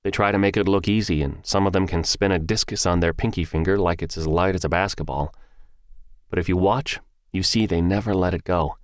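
A man narrating a first-person story in an audiobook, with measured, even storytelling. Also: sits low, no room sound, clean studio sound.

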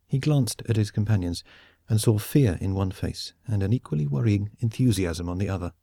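A man narrating a comic science-fiction audiobook in a measured, wry storytelling manner. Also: fairly low pitch, animated, gravelly, warm tone, slightly rough, no room sound, clean studio sound. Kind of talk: scripted narration.

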